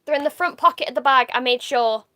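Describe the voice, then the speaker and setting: Woman livestreamer, high voice, chatty, swears offhand, reads viewer comments aloud. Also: quick pace, pushed and bright. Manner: chatty, laughs easily, swears casually. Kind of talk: casual live-stream chat reading comments.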